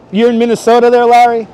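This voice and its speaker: A man's voice: very high voice, a little mellow, slight background noise. A man chatting casually with viewers while live-streaming as he walks city streets, greeting them by name and joking. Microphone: wireless clip-on mic.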